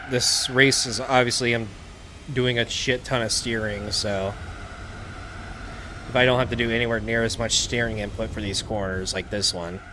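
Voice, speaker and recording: A man's voice: medium pitch, sharp tone, a little hiss or hum. A man with a tired, worn-out throat, casually commentating while playing a racing game, in a laid-back, self-deprecating way. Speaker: gaming streamer. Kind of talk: casual let's play commentary. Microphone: desk mic.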